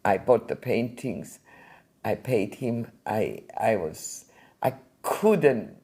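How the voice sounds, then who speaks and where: An older woman recounts her stories with a lively, swooping delivery. Her voice is gravelly and husky with a mellow, dark tone. She speaks in a relaxed interview. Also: very deep voice, slow pace. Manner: animated, vivid storyteller. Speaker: art collector and museum founder. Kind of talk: anecdotal storytelling interview.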